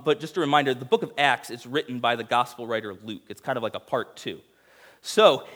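A young adult man preaching a sermon, telling stories and acting out quoted lines with big jumps in his voice. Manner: animated storytelling, acts out quotes with big pitch jumps. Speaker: pastor.

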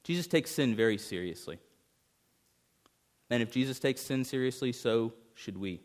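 A man preaching a sermon as pastor, emphatic, swinging between urgent rises and hushed passages. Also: medium pitch, animated, moderate pace.

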